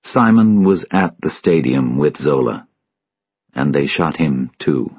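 A man reading the lines of a weary, grieving officer, quiet and subdued, in an audiobook story. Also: extremely low pitch, expressive, slow, husky, no echo, highs cut off, heavily acted. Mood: somber.

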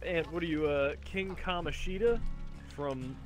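A man's voice: on the high side, measured pace, music in the background. A man streaming with friends, making wry, dry quips with hesitant fillers. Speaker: streamer, co-host. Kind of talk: casual stream banter.

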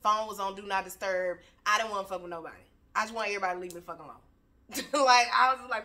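A woman's voice: mid-range voice, fast talker, bright, forceful tone. A woman on her couch at home giving a candid motivational talk, blunt and preachy, swearing freely. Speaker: motivational speaker.

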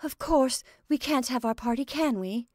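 A woman's voice: high-pitched, normal speed, mellow, no room sound, studio quality, voice pushed up. A woman reading aloud, voicing an upset young woman who pleads breathlessly. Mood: pleading, upset.

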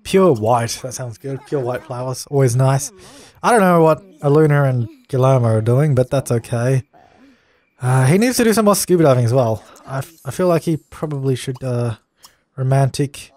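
A man's voice: mid-range voice, expressive, normal speed, a little mellow. A young man casually commenting on a life-sim game while he plays, chatty and easily exasperated, laughing at its mishaps. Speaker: let's play gamer.

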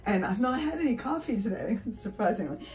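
A woman's voice: a little high, very animated, a little fast, a little mellow, distant mic. A chatty, giddy woman talks casually as she paints in her home studio, laughing easily between thoughts. She sits a little back from the mic, and faint guitar music plays underneath her voice. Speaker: art channel host. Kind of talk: casual chat while painting.

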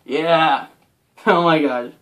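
Young male vlogger, high-pitched, unhurried, gushing and excitable. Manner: excitable, gushing, lots of "like" and "oh my gosh". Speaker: unboxing vlogger. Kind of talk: casual unboxing commentary.

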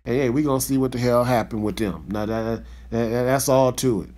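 A man's voice: mid-range voice, a little fast, darkish tone. A man hosting a podcast, ranting in a fired-up, profane, slangy way in a casual monologue. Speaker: podcast host.

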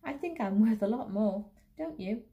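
A woman's voice: a little high, expressive, normal speed, lo-fi sound, lightly acted. A woman voicing a father who speaks in a wry, understated, dryly humorous way, reading from a storybook.

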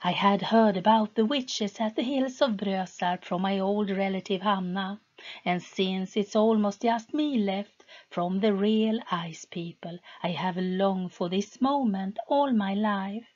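A woman's voice: mid-range voice, a little slow, a little mellow, dull audio, natural voice. A woman voicing Sol, an earnest young woman with a flair for the dramatic, in a storybook reading. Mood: eager. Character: young woman, witch's daughter, dramatic and eager.

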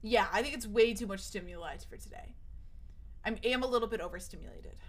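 A young woman with a brisk, mid-range voice chats casually on stream with her live viewers. She rambles, restarts frequently, uses swear words, and sounds nervous, her voice cracking.

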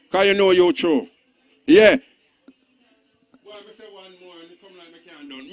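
A man, a reggae gospel performer giving live shout-outs to the crowd in a rhythmic, chanting patois. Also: high voice, moderate pace. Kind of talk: live stage shout-outs between songs. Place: live band party venue, indoors.

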